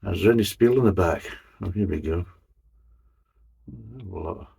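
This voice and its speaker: A man's voice: sits low, measured pace, vocal fry, warm tone, husky. A man hosting a casual beer review, grumbling and swearing between jokey asides as he reads the label.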